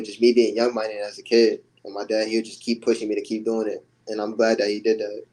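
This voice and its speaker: Young boxer with a flat, low voice. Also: male voice, a little fast, hardly any pauses, rough recording. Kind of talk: casual interview.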